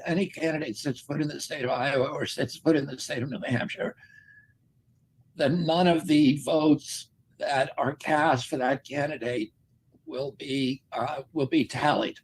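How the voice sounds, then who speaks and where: A man speaking in a played clip of a candidate's public remarks, with a raspy, strained voice and halting delivery full of restarts. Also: a little high, darkish tone, a little hiss or hum, low-quality recording. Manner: halting, with many restarts and fillers.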